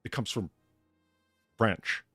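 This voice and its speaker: A man hosting a casual chat stream, talking in an animated way and swearing freely, with faint music behind him. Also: slow, no room sound. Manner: animated, swearing, laughs at own jokes. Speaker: streamer host, bartender of the show.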